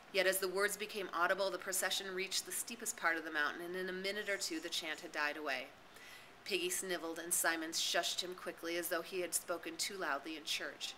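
A woman narrates a novel in audiobook style, giving the story dramatic expression. Her voice sits a little low but rings very bright, over faint background noise. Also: fairly even intonation, brisk, low-quality recording. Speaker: reader and tutor.

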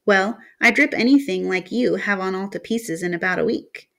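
A woman's voice: mid-range voice, moderate pace, gravelly, a bit bright. A woman doing an earnest wilderness boy. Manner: earnest, plain-spoken.

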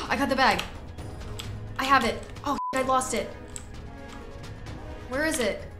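A young woman giving excitable, reactive commentary while playing a video game, yelling at wins and groaning at losses. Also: sits high, a little slow, echoey room, music in the background. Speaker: gaming video creator.

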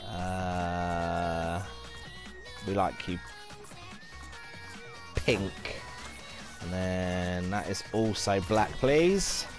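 A man's voice: deep voice, extremely slow, long pauses, music in the background. A man with a Northern English accent chatting playfully as he plays and commentates on a video game. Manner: chatty, playful, exclaims and sings little phrases. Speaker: gaming video host. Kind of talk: casual gameplay commentary.

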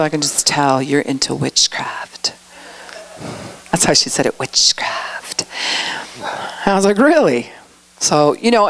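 A middle-aged woman giving a conversational sermon, telling stories and acting out quoted lines. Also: on the low side. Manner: storytelling, acts out quotes with animated voices. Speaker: speaker at a church outreach.

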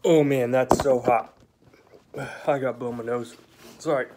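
A man talking slowly in a workplace break room, his mouth burning from a hot pepper. He coughs, gasps and groans in pain between his words, in a casual vlog style. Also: mid-range voice, steady tone, background noise. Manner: gasping, coughing, pained exclamations. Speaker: vlogger eating hot peppers.

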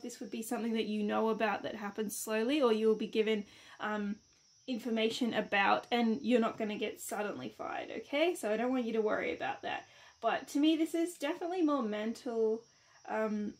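Woman tarot reader, slightly high voice, chatty and reassuring. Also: a little mellow. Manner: chatty, reassuring, rambling with fillers. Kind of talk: casual tarot reading to camera.

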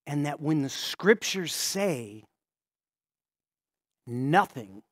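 A man preaching in a casual, storytelling way, his pitch a touch higher than most men's. He stops and restarts his sentences and sinks into hushed, quiet stretches. The sound is dry and close, with no room echo. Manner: halting, restarts sentences, often drops to a hushed low voice. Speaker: pastor. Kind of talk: conversational sermon storytelling.

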